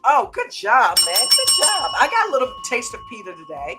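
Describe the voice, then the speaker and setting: A woman's voice: on the high side, wildly swooping pitch, moderate pace, loud music behind the voice. An American woman hosting a live trading chat stream, playful and teasing, laughing often and greeting viewers by name. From United States.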